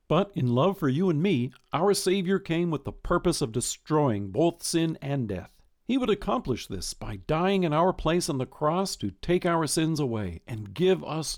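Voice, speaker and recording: A man giving a gentle, reflective devotional sermon as a pastor and closing in prayer. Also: fairly high pitch.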